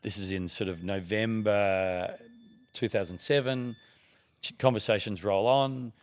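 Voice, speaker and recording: A man's voice: fairly low pitch, fairly even intonation, unhurried. A middle-aged Australian man, a TV broadcaster guesting on a podcast, telling long rambling anecdotes in casual chat. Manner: rambling anecdotes with quoted dialogue. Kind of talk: casual storytelling.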